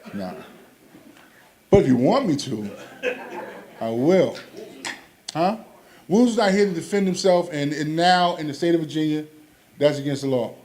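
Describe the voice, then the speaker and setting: A man's voice: fairly high pitch, expressive, unhurried, pauses often, darkish tone. A man doing a stand-up comedy set, telling stories animatedly and acting out quoted voices.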